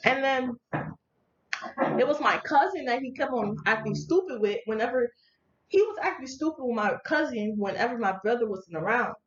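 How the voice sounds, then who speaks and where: A young woman vlogger telling a story in casual, slangy speech, animated and laughing along as she talks. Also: a little high, moderate pace. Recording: echoey room, dull lo-fi audio, faint noise.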